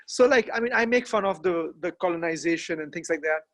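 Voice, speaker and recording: A young man with an Indian accent, a comedian guest chatting casually and animatedly, with halting restarts and laughter. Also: on the high side, fairly bright tone. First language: not English. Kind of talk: casual interview chat.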